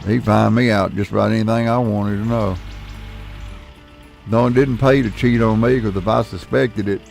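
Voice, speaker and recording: A man's voice: on the low side, steady tone, moderate pace, creaky, a little mellow, soft background music. A middle-aged man, telling a rambling, folksy story with casual swearing while he plays a game. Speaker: gaming channel host.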